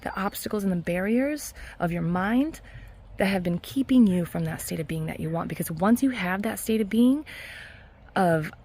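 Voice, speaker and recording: Earnest woman coach, soft laughs. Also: mid-range voice, lively intonation, moderate pace, breathy edge. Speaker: hypnotherapist and mindset coach. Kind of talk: casual self-help vlog talk.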